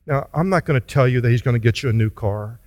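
A man's voice: mid-range voice, darkish tone, no echo. A man preaching a sermon as pastor, earnest and pleading, then leading the congregation in prayer. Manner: earnest, pleading, slow deliberate delivery.

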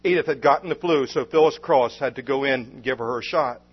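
A man's voice: medium pitch, fairly quick, breathy edge. A man preaching, telling a story in an earnest, emphatic way on a dull lo-fi recording. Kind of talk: sermon storytelling.

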